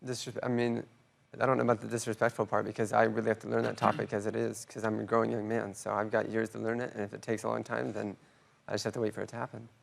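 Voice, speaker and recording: A man in his twenties on a talk show, answering defensively in a calm, dismissive way. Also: lowish voice, fast, gravelly. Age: 20s. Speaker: talk show guest, adult son.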